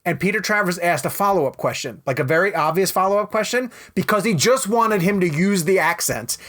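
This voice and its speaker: A man hosting a casual movie podcast, telling long rambling stories in an animated way. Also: high voice, fairly quick. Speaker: podcast host.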